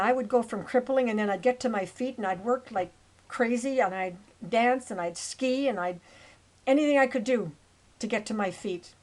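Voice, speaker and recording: An older woman in her seventies narrates her life story in an earnest, rambling way. She wanders into asides and restarts her sentences. Her voice sits at an ordinary pitch for a woman. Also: poor audio. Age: 70s. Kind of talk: personal storytelling over old photos.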